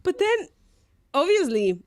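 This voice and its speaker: Giggly high-voiced woman telling a story. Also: sing-song, takes it slowly, no echo, studio quality. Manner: giggly, laughs often while telling a story; switches into Spanish phrases. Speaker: podcast co-host. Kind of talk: casual storytelling chat.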